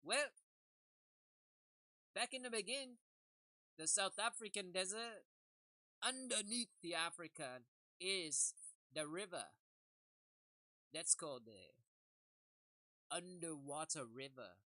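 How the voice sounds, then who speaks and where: Slow, bright-voiced joking woman. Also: fairly low pitch, animated, no echo, poor audio. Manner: jokey, rambling, laughs often. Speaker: comedic commentator. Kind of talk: rambling comedic monologue.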